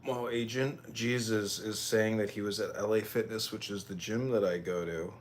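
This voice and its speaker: A man's voice: on the low side, steady tone, moderate pace, a little hiss or hum. Doubtful man asking questions. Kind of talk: casual chat.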